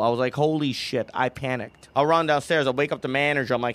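A man's voice: medium pitch, brisk, fairly bright tone, a little hiss or hum. A young man doing a stand-up comedy set in a club. He rambles and keeps laughing at his own jokes. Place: comedy club with live audience.

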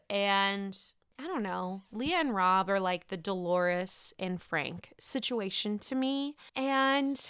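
A woman's voice: medium pitch, a bit bright, smooth, no echo, studio quality. A young woman hosting a casual podcast, recapping a reality show in a chatty, gossipy way and swearing freely. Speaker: podcast host.

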